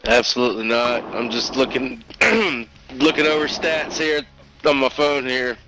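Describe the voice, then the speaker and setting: A man's voice: medium pitch, a little slow, sharp tone, low-quality recording. A man co-hosting a podcast, talking football in a hesitant, laid-back way with fillers. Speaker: podcast co-host. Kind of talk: casual sports chat.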